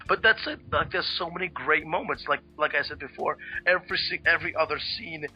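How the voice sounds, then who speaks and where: A man in casual chat about a comic book, excitable and swearing freely, tripping over his words. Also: fairly high pitch, a little fast, breathy edge, lo-fi sound, faint music behind. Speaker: co-host reviewing a comic book.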